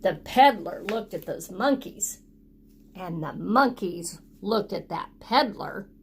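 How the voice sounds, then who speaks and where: A woman reading a picture book aloud to children, pausing often to ask them to join in with actions. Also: medium pitch, lively intonation, a little hiss or hum. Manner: interactive, prompting children to act along. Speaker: storytime reader for children.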